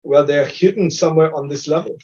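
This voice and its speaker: A man's voice: fairly high pitch, a little fast, darkish tone, slightly rough. A man playing a blunt female giant. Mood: matter-of-fact. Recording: dull lo-fi recording.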